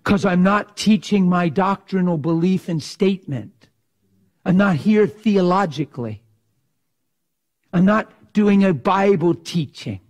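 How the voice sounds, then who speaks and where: A man preaching with fiery passion, his voice sitting high for a man. He talks with lively animation, slipping into mock voices to make a point. He sounds middle-aged. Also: unhurried. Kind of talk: sermon.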